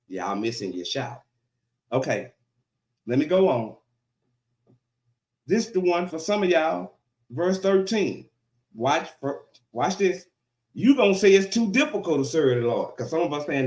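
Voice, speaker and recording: A male pastor preaching a sermon in a church, colloquial and lively, calling out to his congregation for response. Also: high voice, moderate pace, long pauses, roomy sound. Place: church sanctuary.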